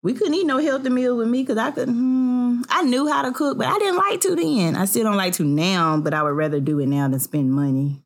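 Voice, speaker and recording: A woman in casual chat as a podcast co-host, telling animated family stories. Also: fairly high pitch, a little fast, few pauses. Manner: animated storyteller, acts out family voices.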